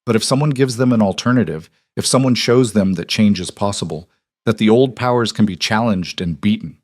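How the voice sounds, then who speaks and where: A man's voice: fairly low pitch, a little fast, darkish tone, no room sound, studio quality, lightly acted. A man voicing a defiant young woman, a cast-out wolf queen, who speaks in a cool, level, unyielding way. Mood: steely.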